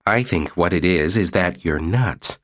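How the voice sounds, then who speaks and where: A man's voice: low voice, a little slow, fairly bright tone. A man voicing a grimy, tough male workman who talks in a level but firm voice.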